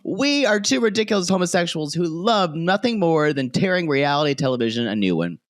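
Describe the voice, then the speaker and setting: A man co-hosting a comedy podcast in playful, casual chat, often giggling and jumping into silly high voices. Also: big pitch swings, brisk. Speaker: podcast co-host.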